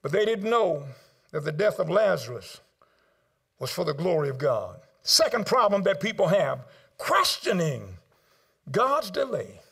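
An older man preaching a sermon to a congregation in a rhythmic call-and-response style, swinging between loud sung exclamations and low murmured asides. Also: big pitch swings, normal speed, creaky, breathy edge. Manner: addresses congregation directly, asks them to write down points.

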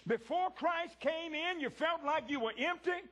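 A man preaching a sermon to a congregation in a church, swinging from loud peaks to hushed lows and speaking straight to the people in the pews. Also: measured pace. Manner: talks directly to the congregation.

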